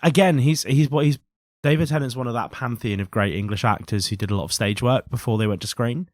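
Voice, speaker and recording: A man's voice: mid-range voice, quick pace, dry recording, clean studio sound. A man co-hosting a podcast, chatting casually and musing aloud, often ending with tag questions. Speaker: podcast co-host. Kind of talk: casual chat about comics.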